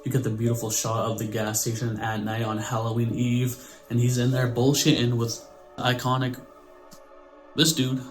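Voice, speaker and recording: Young man, casual vlog review, excitable, cusses a lot, mid-pitched voice, faint music under him. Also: moderate pace. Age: 20s. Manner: excitable, swears freely, lots of "like". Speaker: horror channel host.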